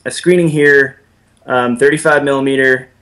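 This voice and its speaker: A man's voice: medium pitch, fairly even intonation, moderate pace, a bit bright. A man guest on a horror podcast, talking chattily with many fillers and some laughs. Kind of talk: casual chat.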